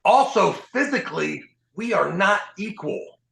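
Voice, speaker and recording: A man hosting a podcast, telling profane, animated stories in casual chat. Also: high-pitched, a little slow, creaky, roomy sound, low-quality recording. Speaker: podcast host.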